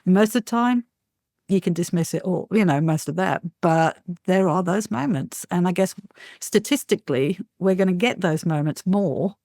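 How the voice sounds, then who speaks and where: A woman paranormal investigator, telling lively anecdotes as a guest, acting out quotes and laughing often. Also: on the low side, moderate pace, no echo, studio quality. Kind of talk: animated storytelling in an interview.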